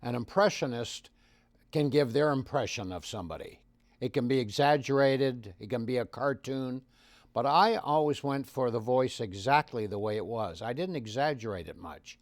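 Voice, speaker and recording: Older man telling lively showbiz stories. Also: mid-range voice, normal speed, no room sound. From Canada. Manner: animated storyteller, swings loud and soft. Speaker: impressionist guest. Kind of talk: anecdotal interview storytelling.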